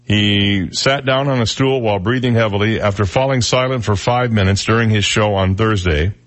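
Man, radio talk host, low voice, casual joking chat, studio mic. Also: moderate pace. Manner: joking, chuckles at own jokes. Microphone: studio microphone.

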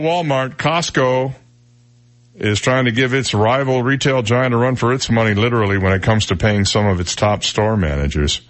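Guy w a lowish voice hosting radio talk, chatty, news w side comments. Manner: conversational, reads news items with asides. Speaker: radio talk show host.

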